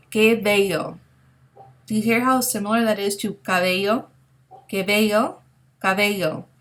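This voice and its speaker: A woman teaching a recorded online language lesson, explaining words and sounds patiently and checking in with a frequent "okay?". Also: medium pitch. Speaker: Spanish teacher.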